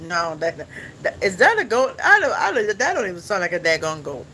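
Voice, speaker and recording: A man's voice: sits high, huge pitch swings, brisk, bright, forceful tone, slight background noise, poor audio. A young man hosting a podcast, chatting casually with his viewers in a rambling, playful way and laughing often. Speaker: podcast host.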